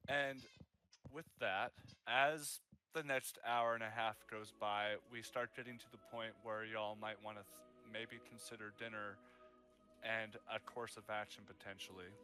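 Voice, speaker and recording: A man narrates a tabletop game as game master. His voice sits on the low side, and his delivery is relaxed and descriptive. Faint music plays underneath. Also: a little slow. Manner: relaxed, descriptive, with many fillers.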